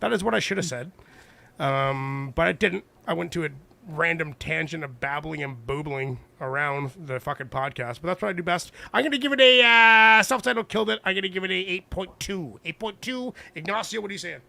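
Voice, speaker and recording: A male podcast host chatting casually and rating songs, rambling and animated. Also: fairly high pitch, fairly quick, creaky. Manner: rambling, animated, self-deprecating.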